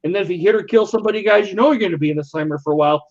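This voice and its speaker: Guy, higher-pitched, rambling, swears a lot; muffled lo-fi stream audio. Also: racing. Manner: rambling, profane, animated retelling. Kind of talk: casual storytelling.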